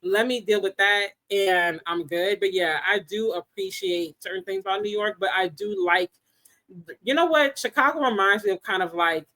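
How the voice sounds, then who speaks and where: A woman co-hosting a podcast in casual chat. She tells stories with animation and laughs easily, her pitch sitting in the middle range. She goes back and forth with her co-host in a relaxed, conversational way. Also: moderate pace. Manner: laughs often, animated storytelling.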